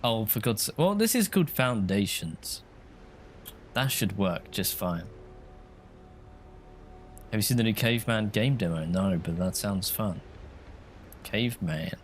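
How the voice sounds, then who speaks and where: A man's voice: fairly low pitch, big pitch swings, unhurried, pauses often, a little hiss or hum. A man chatting casually while he streams a game, rambling and answering viewers' comments. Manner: chatty, rambling, reads chat aloud.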